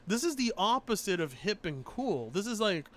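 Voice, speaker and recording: A man's voice: high-pitched, moderate pace. A man hosting a live stream, chatting casually, swearing and laughing often. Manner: profane, animated, laughs often. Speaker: streamer host.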